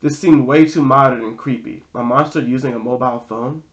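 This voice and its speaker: A man reading a novel aloud in a plain, steady voice, restarting a few words now and then. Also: medium pitch, a little fast, muffled recording. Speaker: audiobook reader.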